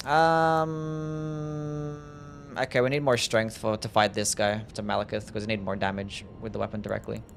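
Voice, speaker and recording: Gravelly Australian man streaming a game. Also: on the low side, level tone, measured pace, long pauses, a little hiss or hum. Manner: mumbly, swears often, sighs, reads chat aloud. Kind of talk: casual gameplay commentary.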